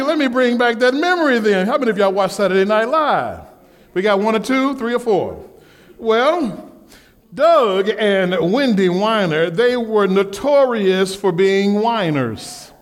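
A man delivers a sermon in a notably high voice, drawing the congregation in with call-and-response questions. He slips into put-on whiny voices as he tells his stories. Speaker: preacher. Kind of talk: sermon with storytelling.

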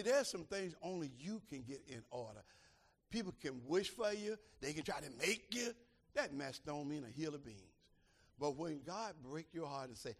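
Gravelly older man preaching, shouting. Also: fairly high pitch. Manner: preaching with shouted climaxes and quiet asides. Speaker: pastor. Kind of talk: sermon.

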